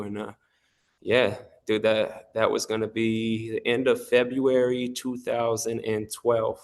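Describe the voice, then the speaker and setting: A man telling his faith testimony in a casual interview, animated, often laughing and acting out the voices of people in his story. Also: lowish voice, measured pace, vocal fry. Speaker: interview guest.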